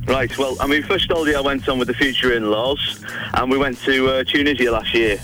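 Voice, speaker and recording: A man's voice: mid-range voice, steady tone, a little fast, sharp tone, faint music behind, poor audio. A man calling into a radio show, telling a holiday story in a dry, wry way. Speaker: caller. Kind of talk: phone-in storytelling.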